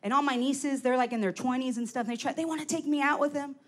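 A woman's voice: high-pitched, quick pace. A woman in her forties doing a brash, profane stand-up comedy set, teasing the crowd from a club stage. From United States.

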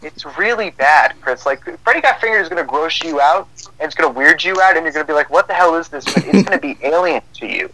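A man's voice: a little high, quick pace, no room sound, low-quality recording. A young man co-hosting a casual podcast chat, telling stories and acting out the dialogue in them. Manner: animated storyteller acting out quoted dialogue. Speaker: podcast co-host.

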